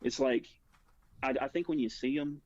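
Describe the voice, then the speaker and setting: A man's voice: mid-range voice, moderate pace, a little mellow, dry recording, dull audio. A man talking as a guest, telling a personal story in a rambling way, full of "like" and restarts. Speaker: guest recounting a personal experience. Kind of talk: casual spoken storytelling.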